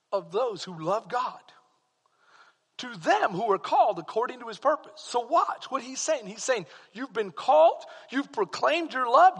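A man preaching a sermon as pastor, swinging from quiet, slow passages to loud shouted peaks. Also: very high voice, gravelly, slightly rough. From Texas. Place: church sanctuary. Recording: long hall reverb.

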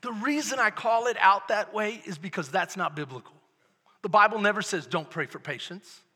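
A pastor with a Texan accent preaching a sermon, animated, swinging between hushed and loud and calling out to the congregation. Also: male voice, high voice, normal speed, breathy edge. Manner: rhetorical calls to the congregation. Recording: echoey hall reverb.

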